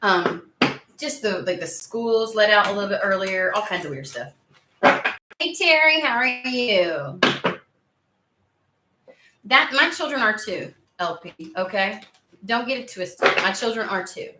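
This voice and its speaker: A woman's voice: mid-range voice, animated, unhurried, long pauses, echoey room, very noisy. A woman in her thirties chatting casually to camera as a tarot channel host, rambling with lots of fillers and restarts.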